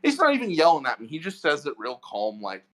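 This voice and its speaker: A man's voice: fairly high pitch, quick pace. A man casually telling a long story about his day at work, stammering now and then as he co-hosts a podcast. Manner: animated storytelling, stammers at starts. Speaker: podcast co-host.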